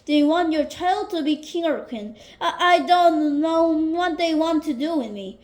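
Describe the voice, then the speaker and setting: A woman's voice: high-pitched, expressive, measured pace. A woman reading a storybook and voicing a frightened young king who pleads anxiously. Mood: worried.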